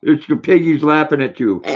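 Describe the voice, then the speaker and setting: Slow-talking older grandpa, dull lo-fi sound. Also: male voice, medium pitch, gravelly. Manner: chatty, reads viewer comments aloud and talks to his dog. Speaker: livestream host. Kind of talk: casual livestream chat.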